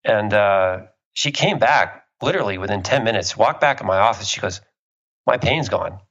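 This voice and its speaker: A man with a lowish, somewhat bright voice speaks briskly with lively intonation, though the audio is dull. He's a book author appearing as a guest, eagerly and conversationally explaining health topics through analogies and personal anecdotes.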